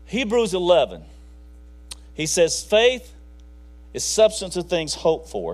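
Man, high voice, preacher, folksy sermon, conversational with sudden emphasis.

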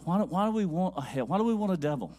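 Fiery preacher with big swings. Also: male voice, lively intonation, very fast. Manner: swings from loud high-pitched exclaiming to low quiet musing; repeats lines for emphasis, drops to a near whisper. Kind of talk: sermon.

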